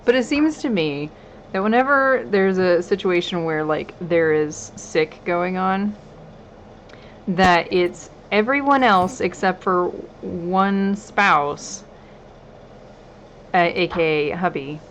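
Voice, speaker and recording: A woman's voice: lowish voice, a little hiss or hum, poor audio. A woman chatting casually on a live stream, telling stories with lots of laughter. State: hoarse voice. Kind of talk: casual chat.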